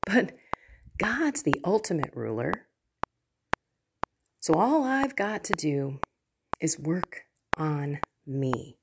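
Middle-aged woman, heartfelt faith reflection, unhurried delivery, noisy background. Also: lowish voice, creaky. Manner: earnest, heartfelt, slow and soft at times. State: tearful at moments. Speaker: faith coach and host. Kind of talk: personal spiritual reflection to camera.

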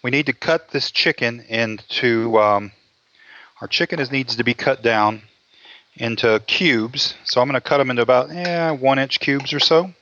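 A man's voice: mid-range voice, normal speed, bright, forceful tone, no echo. Folksy man hosting a cooking show. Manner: folksy, jokey, talks through each step. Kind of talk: casual cooking show chat. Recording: dull lo-fi dry sound.

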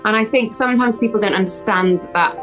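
A woman, a podcast guest talking in a lively, emotional, animated way. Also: mid-range voice, fast, soft background music, poor audio. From West Wales. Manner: animated, emotional, acts out voices in stories. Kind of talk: casual podcast chat.

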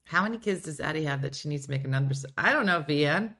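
Casting a giggly, chatty woman host with a lower voice and a lot of swing in her pitch. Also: animated, fast talker, fairly bright tone. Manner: giggly, chatty, breaks into playful put-on voices. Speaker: show host. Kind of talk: casual live chat reading viewer comments.

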